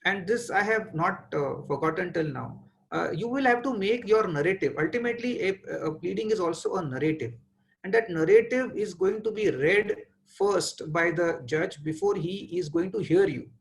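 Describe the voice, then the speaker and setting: A man in his forties with an Indian English accent, giving a webinar lecture as a trial lawyer, measured and pausing often with "uh" as he thinks aloud over a video call mic. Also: high-pitched, lively intonation, gravelly, a little hiss or hum, low-quality recording.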